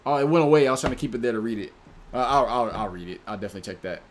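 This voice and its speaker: A man's voice: mid-range voice, animated, racing, a little hiss or hum. A man hosting a casual livestream, reading out viewers' names and chatting in about their movie picks. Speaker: livestream host.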